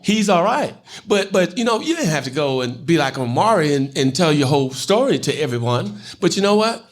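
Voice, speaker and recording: Earnest man co-host, slightly high voice. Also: sing-song, fairly quick. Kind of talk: talk show discussion.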